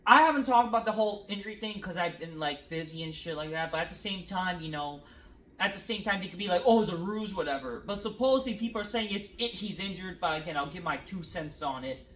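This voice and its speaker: A woman's voice: fairly low pitch, lively intonation, fast talker, a bit bright. A woman reviewing a wrestling show in a casual, profane rant. She sounds exasperated and sarcastic, with lots of fillers and restarts. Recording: roomy echo.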